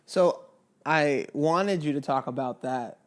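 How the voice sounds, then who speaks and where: A young man co-hosting a married couple's podcast in casual chat, playful and earnest with quick asides. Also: on the high side. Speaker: podcast co-host.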